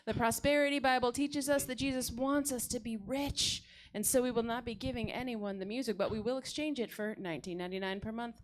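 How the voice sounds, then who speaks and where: A woman voicing a greedy prosperity-gospel music huckster with a preachy sales pitch. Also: brisk, hardly any pauses, natural voice.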